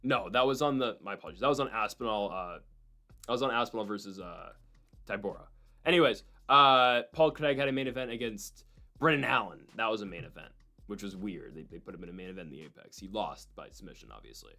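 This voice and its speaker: A man casually breaking down MMA fights and predictions, rambling and excitable with frequent asides. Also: fairly low pitch, fast.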